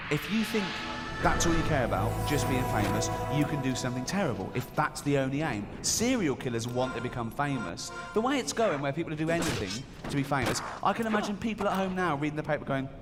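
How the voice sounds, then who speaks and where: A man's voice: mid-range voice, big pitch swings, fast, hardly any pauses, long reverb tail, loud music behind the voice. A man performing a stand-up comedy routine, telling a story and acting out the voices of the people in it.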